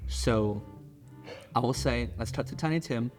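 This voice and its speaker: A man running a horror tabletop game as game master, narrating in a measured way with frequent fillers. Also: mid-range voice, darkish tone. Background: music.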